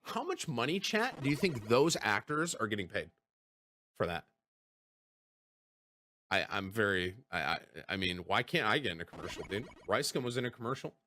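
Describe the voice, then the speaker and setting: A man livestreaming, telling rambling stories to his chat in a casual, animated way and swearing freely. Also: on the low side, normal speed, pauses often. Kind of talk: casual storytelling to stream chat.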